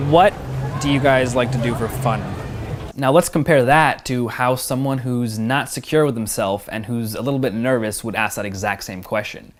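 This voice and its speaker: A man's voice: medium pitch, normal speed, a little hiss or hum. A man who is a pickup coach, teasing women in street demos and explaining his technique in a commanding voice-over with downward inflection.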